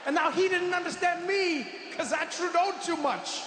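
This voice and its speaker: A man from South Africa telling a stand-up comedy story, animated and breaking into shouted punchlines. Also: very high voice, normal speed. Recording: echoey theatre hall with ambient noise.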